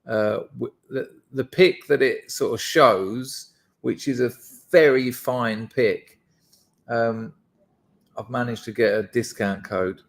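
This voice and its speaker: A man's voice: mid-range voice, takes it slowly. A man hosting a casual live stream, rambling and chatting to his viewers with self-deprecating asides. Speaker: livestream host.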